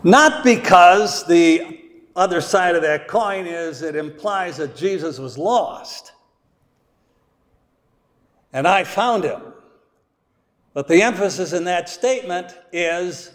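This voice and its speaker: A man preaching a sermon as pastor, slow and deliberate, leaning hard on key words. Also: sits high, animated, long reverb tail. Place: church.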